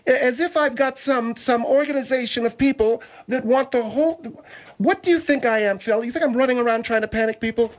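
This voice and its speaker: A woman's voice: fairly high pitch, brisk. A woman in a comedy talk, arguing in a suspicious, insinuating way.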